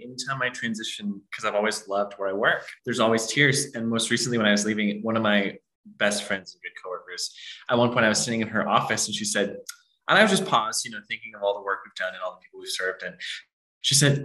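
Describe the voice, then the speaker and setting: A man's voice: lowish voice, sharp tone, roomy sound, low-quality recording. A man joining a casual podcast as a guest, joking about himself and getting emotional. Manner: self-mocking, emotional, joking.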